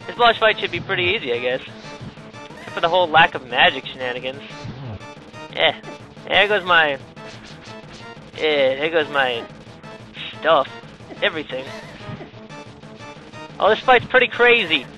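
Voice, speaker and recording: A man's voice: a little high, expressive, a little slow, pauses often, pushed and bright, soft background music, rough recording. A man giving casual, sarcastic let's-play commentary, exclaiming and joking at the game as he plays. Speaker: gaming video creator.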